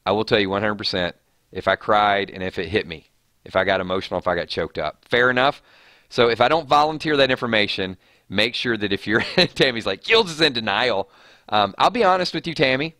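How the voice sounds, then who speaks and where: Low-voiced man hosting a chatty live stream. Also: lively intonation, brisk, bright, forceful tone, no room sound, studio quality. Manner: chatty, reads viewer comments aloud, many restarts. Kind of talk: casual live-stream chat.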